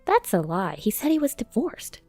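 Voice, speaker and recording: A woman's voice: on the high side, sing-song, normal speed, darkish tone, no room sound, soft background music, pitched above the performer's own voice. A woman voicing an indignant young woman who has been deceived by her live-in boyfriend, read out in a storytelling narration.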